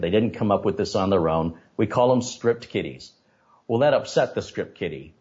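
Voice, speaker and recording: A man, a tech streamer, recounting a story as an interview guest, in an animated and indignant way. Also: on the low side, normal speed. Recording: dull lo-fi audio.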